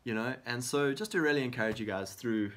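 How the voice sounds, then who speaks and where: A man's voice: medium pitch, fairly quick, fairly bright tone. A man co-hosting a faith talk show, speaking earnestly and encouragingly, often acting out prayers as quotes. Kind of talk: conversational Christian encouragement.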